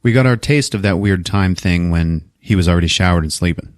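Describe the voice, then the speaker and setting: A man hosting a podcast, recapping a movie in casual, profane, animated storytelling. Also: low voice, brisk, no room sound, clean studio sound. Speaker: podcast host.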